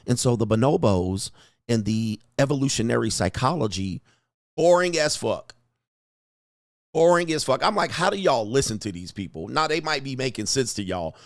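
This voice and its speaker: A man hosting a livestream, talking casually with sudden loud bursts and lots of swearing. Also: on the high side, no echo, studio quality. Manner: rapid shifts between flat talk and sudden loud bursts, profane. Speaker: live stream host.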